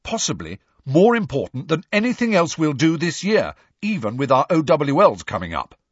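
A man's voice: a little high, wildly swooping pitch, moderate pace, slightly rough, dry recording, pitched above the performer's own voice, heavily acted. A man doing a pompous schoolboy. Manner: pompous, self-important. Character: pompous earnest teenage schoolboy. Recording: dry, slightly dull recording.

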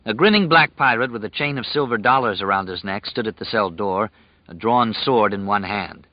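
A man reading an audiobook as narrator in a measured, even storytelling manner. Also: fairly low pitch, no echo, dull audio. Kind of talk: scripted narration.

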